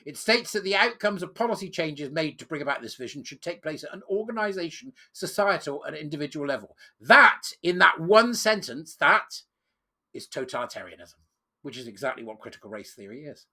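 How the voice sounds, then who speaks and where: A sarcastic man from Britain rants over a report he is reading aloud. His voice is bright and a little husky, and he leans hard on words he wants to mock. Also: on the high side, animated, fast talker. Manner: sarcastic, scornful and emphatic. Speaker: political commentator. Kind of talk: reading news and ranting commentary.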